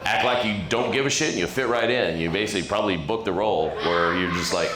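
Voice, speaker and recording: A man's voice: lowish voice, fast, roomy sound. A man, a regular on the show and a former Navy SEAL, talking in a blunt, profane, laid-back way. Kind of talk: casual chat. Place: bar.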